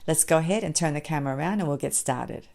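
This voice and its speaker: A woman with a low voice that drops into a gravelly fry hosts a casual unboxing vlog. She gushes over each item with open enthusiasm and keeps talking straight to her viewers. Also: quick pace, a little mellow. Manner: gushing, enthusiastic, addresses viewers as guys. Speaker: jewelry designer and channel host.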